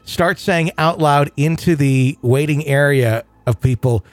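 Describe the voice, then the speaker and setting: A man's voice: a little high, measured pace, no room sound. A middle-aged man hosting a podcast, chatty and rambling as he tells stories in casual talk. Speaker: podcast host.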